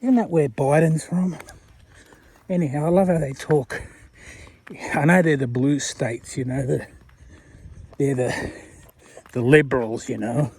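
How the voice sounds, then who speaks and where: A man's voice: on the high side, fairly even intonation, measured pace, long pauses, darkish tone, breathy edge. An Australian man talking casually to a viewer while walking outdoors along a road, rambling and self-deprecating. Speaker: vlogger. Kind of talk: casual walking vlog talk.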